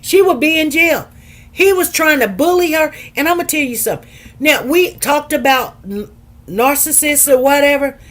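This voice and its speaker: A woman with a high voice hosts a casual talk show. She talks in an emphatic, animated way and acts out the people she quotes. She sounds middle-aged. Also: moderate pace. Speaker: show host. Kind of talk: casual chat storytelling.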